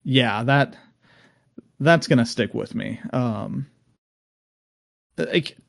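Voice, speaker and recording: A man's voice: medium pitch, very slow, creaky, no room sound, clean studio sound. A man hosting a podcast, talking in a loose, rambling way with many ums. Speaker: podcast host. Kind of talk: casual podcast chat.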